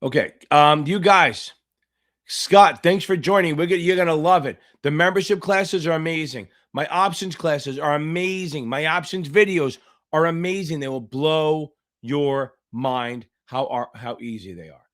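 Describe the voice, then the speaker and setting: Loud cursing tutor guy hyping up his livestream chat, kinda high voice. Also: measured pace. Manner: loud, profane, hyped-up coaching; reads viewer names and answers from the chat. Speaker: exam tutor hosting a live Q&A.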